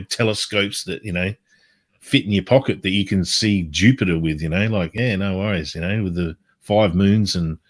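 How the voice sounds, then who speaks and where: A man chatting on a live stream, rambling and swearing freely. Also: low-pitched. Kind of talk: casual chat.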